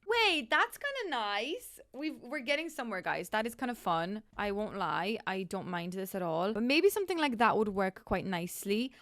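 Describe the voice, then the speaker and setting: A young woman giving chatty, self-mocking commentary as she builds in a video game. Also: mid-range voice. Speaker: gaming YouTuber. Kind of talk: casual gameplay commentary.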